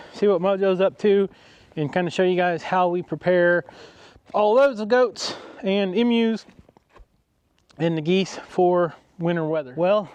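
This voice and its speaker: A man's voice: high-pitched, darkish tone, smooth, dry recording. A man, an easygoing farmer chatting outdoors on his farm and talking to his animals. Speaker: farmer, vlogger. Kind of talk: casual farm vlog.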